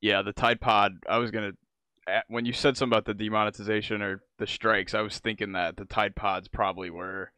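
A man hosting a casual podcast, easygoing and quick to laugh as he asks his questions. His voice sits low, and the recording is dry and close. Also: flat delivery, pushed and bright, smooth, no echo. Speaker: podcast host.

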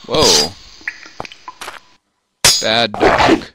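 A man's voice: fairly low pitch, very slow. A man casually commenting as he plays through a computer role-playing game, with wry, playful asides. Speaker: let's play host. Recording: steady background noise.

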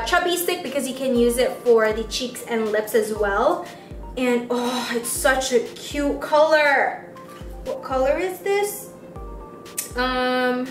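Squeaky-voiced young woman gushing over makeup. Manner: gushing, excitable, chatty. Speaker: beauty vlogger. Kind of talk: casual unboxing vlog. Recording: roomy sound, mic at a distance, faint music.

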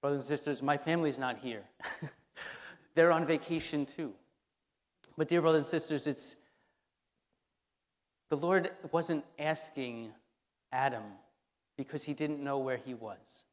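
A man's voice: a little high, measured pace, long pauses. A man preaching a sermon as pastor, speaking conversationally and repeating key phrases for emphasis. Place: church sanctuary. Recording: long hall reverb in a church.

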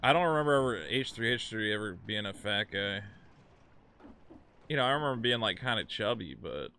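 A man's voice: fairly low pitch, lively intonation, a little fast, creaky, pushed and bright. A man streaming a video game, chatting casually, rambling and swearing, and scolding his cat. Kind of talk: casual live gaming stream chat.

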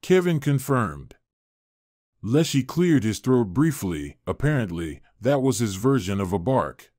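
A man narrating a fairy-tale story in a measured, expressive way. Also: mid-range voice, no echo, studio quality.

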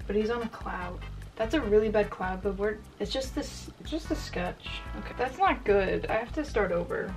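A woman's voice: medium pitch, moderate pace, darkish tone, recorded from a distance, soft background music, rough recording. A young woman vlogging casually as she paints, rambling and joking at herself. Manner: rambling, self-mocking, chatty. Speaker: YouTuber. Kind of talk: casual chat while painting.

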